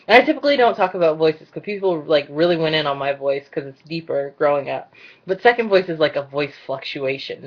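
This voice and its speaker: A woman vlogger ranting in a casual, blunt and exasperated way, her voice mostly monotone. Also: sits low. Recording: dull lo-fi recording.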